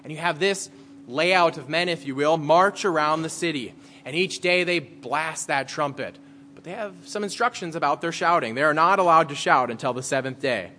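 A pastor giving a conversational sermon, reading scripture aloud and then explaining it in plain words. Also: male voice, fairly high pitch, moderate pace, pushed and bright, slight background noise.

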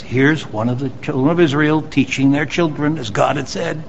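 A man's voice: fairly high pitch, moderate pace, creaky, hardly any pauses, slight background noise, low-quality recording. A man preaching a sermon to his congregation, reading scripture aloud and stressing key lines with rising emphasis. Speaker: pastor.

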